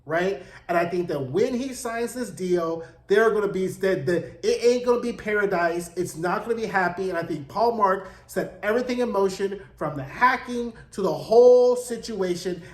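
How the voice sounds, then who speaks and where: A man's voice: high voice, moderate pace, few pauses. A man hosting a casual TV episode recap, chatty and full of slang. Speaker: TV recap host. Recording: echoey room.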